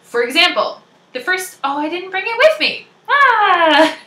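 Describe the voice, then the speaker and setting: A woman's voice: extremely high pitch, sing-song, moderate pace, sharp tone, echoey room. A young Canadian woman hosting a podcast, chatting casually in a bubbly, giggly way. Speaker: podcast host. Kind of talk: casual chat.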